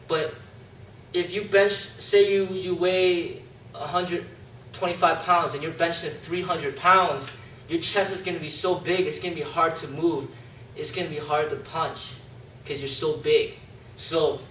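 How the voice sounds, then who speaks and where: Guy with a higher voice giving martial arts training tips, chatty, echoey room, bit of background hiss. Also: a bit bright. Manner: loose, conversational, demonstrates moves while talking. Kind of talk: casual instructional talk. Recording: echoey room, mic at a distance, faint background noise.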